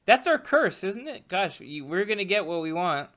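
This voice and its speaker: A man's voice: sits high, very animated, normal speed, fairly bright tone. A man co-hosting a podcast in casual chat, talking hesitantly and musingly with many ums. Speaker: podcast co-host.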